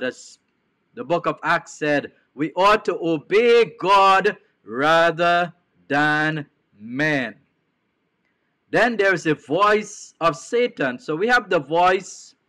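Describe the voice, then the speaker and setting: Slow-preaching Trinidadian bishop, high voice. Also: male voice, pushed and bright. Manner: deliberate preaching, repeats key phrases, asks the audience questions. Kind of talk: televised sermon.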